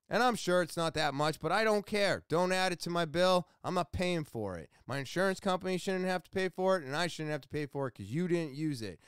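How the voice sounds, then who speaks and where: A podcast host, a man, telling a story in a casual monologue, excitable and loud, rambling with restarts and asides. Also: fairly high pitch, fairly quick, hardly any pauses, smooth, no room sound, studio quality. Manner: excitable, loud, almost yelling.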